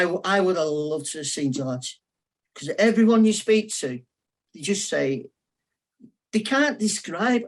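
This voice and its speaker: A man as a guest on a football podcast, telling stories with enthusiasm and painting match moments. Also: a little high. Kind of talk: casual football chat.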